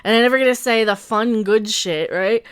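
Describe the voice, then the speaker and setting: A woman's voice: fairly high pitch, moderate pace, a bit bright, clear, resonant tone. A woman hosting a casual livestream, chatting loosely with viewers, laughing often and thanking donors. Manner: chatty, laughs often, reads donations aloud. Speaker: livestream host.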